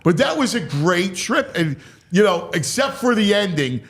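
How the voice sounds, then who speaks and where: A man hosting a sports talk show, telling stories in an excitable way, his voice climbing high when he gets worked up. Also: moderate pace, husky. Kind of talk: animated podcast chat.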